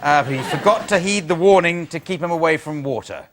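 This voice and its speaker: A man's voice: fairly high pitch, a little fast. A man hosting an improv comedy show, setting up games with dry, wry asides before a studio audience. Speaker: host. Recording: studio audience laughter and noise.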